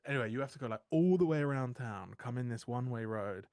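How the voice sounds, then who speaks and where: A young man co-hosting a live trading stream, chatting casually and telling animated stories, swearing freely. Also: medium pitch, fast talker, dry recording, clean studio sound. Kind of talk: casual storytelling chat.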